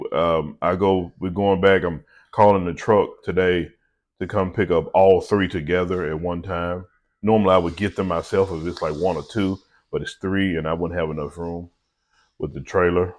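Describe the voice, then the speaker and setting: In a low voice, a middle-aged man who vlogs and runs a small business talks earnestly and conversationally to his viewers, delivering a devotional message.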